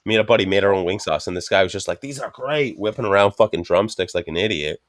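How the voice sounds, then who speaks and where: Man, podcast co-host, casual storytelling, heavy swearing, lowish voice, dry close sound. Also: steady tone, racing, no room sound. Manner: profane, rambling anecdotes with frequent swearing; acts out quoted speech of others.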